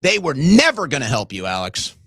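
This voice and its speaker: A man's voice: medium pitch, huge pitch swings, brisk, a bit bright, no room sound, studio quality. A man hosting a live political commentary show, ranting indignantly and speaking straight to his audience as folks.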